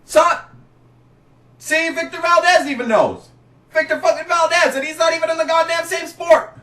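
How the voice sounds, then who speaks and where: A man with a very high voice rants sarcastically, his exasperation spilling into shouts. He sits back from the microphone in an echoey room, so his voice sounds distant and roomy. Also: moderate pace. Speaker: racing commentary vlogger. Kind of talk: ranting commentary. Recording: roomy, set back from the mic.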